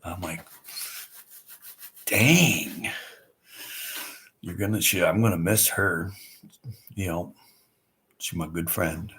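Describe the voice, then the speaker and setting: A middle-aged man with a fairly low voice talks through a casual livestream, answering viewers. His delivery is loose and folksy, looping through fillers, repeated starts and asides. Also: steady tone, unhurried, long pauses, a bit bright. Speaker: livestream host. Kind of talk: casual chat reading viewer comments.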